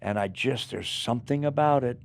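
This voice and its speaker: Older guy rambling through showbiz stories, gravelly voice, dry close sound. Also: mid-range voice, normal speed, dry recording. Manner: animated, rambling storyteller. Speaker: actor guest. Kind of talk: casual interview chat.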